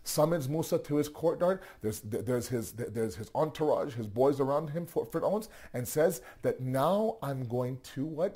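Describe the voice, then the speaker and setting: A man telling a religious story in a sermon, animated, asking rhetorical questions and often restarting his sentences. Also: medium pitch, normal speed, hardly any pauses, breathy edge. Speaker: religious teacher.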